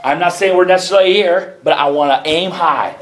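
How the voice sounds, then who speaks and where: A man preaching a sermon, building up to fervent, high shouts. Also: a little fast, a little hiss or hum. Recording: echoey church room.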